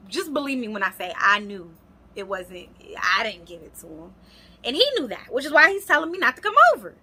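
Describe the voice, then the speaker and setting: A woman's voice: a little high, sing-song, a little fast, sharp tone, a little hiss or hum. A young adult woman, animatedly telling a storytime vlog and speaking straight to her viewers. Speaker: vlogger. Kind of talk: storytime vlog, casual chat.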